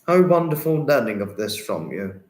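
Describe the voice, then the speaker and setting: A man hosting a livestream, chatting warmly with viewers and reading their comments, effusive and sympathetic, often repeating himself. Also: medium pitch, big pitch swings, moderate pace. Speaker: livestream host. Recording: roomy echo.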